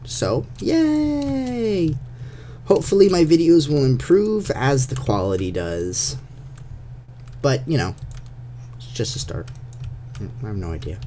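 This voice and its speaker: Warm and unhurried, a young man's medium-pitched voice comments on his game with long pauses, joking around and talking to the monsters. A desktop USB microphone captures him with slight background noise.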